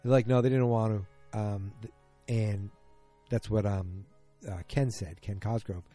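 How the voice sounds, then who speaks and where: A man's voice: lowish voice, steady tone, measured pace, mellow, soft background music. A man hosting a casual solo podcast, retelling events in a rambling, self-correcting way. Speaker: podcast host.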